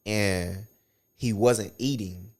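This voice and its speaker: A young man co-hosting a podcast in casual chat, telling profane, animated stories from his own life. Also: on the low side, very slow. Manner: animated, profane storytelling with acted quotes. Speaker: podcast co-host.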